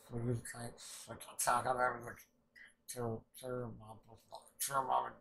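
Excitable gravelly man recapping an anime. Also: mid-range voice, normal speed, low-quality recording. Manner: excitable, swears a lot, acts out characters' lines. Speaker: anime reaction youtuber. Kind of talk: casual recap and reaction.

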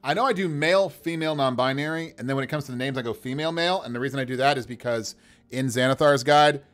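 A man's voice: mid-range voice, fast talker, fairly bright tone. A man running a casual livestream as game master, rolling dice to build characters, talking to viewers with enthusiasm and frequent laughter.

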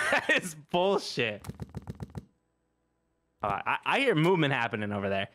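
A man's voice: mid-range voice, very animated, a little slow, a bit bright, a little hiss or hum. A man playing a co-op game with a friend, chatting casually and laughing often. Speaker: co-op gaming partner. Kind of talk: casual gameplay chat.

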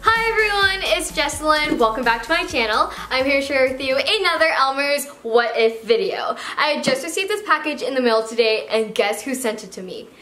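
A young woman with a high, lively voice rattles through an unboxing vlog, gasping and gushing with plenty of "like" fillers. Her pitch jumps all over as she talks. The room is echoey, with a faint hiss underneath. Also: brisk, few pauses, faint music behind. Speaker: slime YouTuber host.

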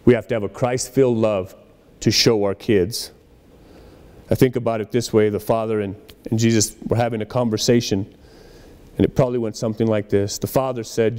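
In a large hall, a pastor preaches a conversational sermon in a church, acting out little dialogues along the way. His voice is lowish and a little mellow, with fairly even intonation and a slightly fast delivery.

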